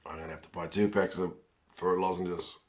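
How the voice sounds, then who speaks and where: A low-voiced man hosts a live watch-along stream, answering viewers by name in a loose, chatty way. His voice is hoarse and rough, close to giving out. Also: steady tone, a little fast, a little mellow. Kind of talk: live stream chat reading viewer comments.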